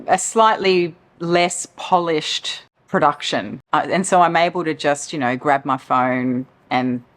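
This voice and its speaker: A woman chatting casually to camera from her couch, rambling and open about her feelings. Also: sits low. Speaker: perfume vlogger. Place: living room, on the couch.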